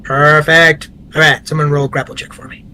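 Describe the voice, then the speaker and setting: A man with a slightly raised pitch and a bright, forceful tone. He chats casually as a player at a tabletop game and asks eagerly about his moves. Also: level tone, fairly quick, a little hiss or hum.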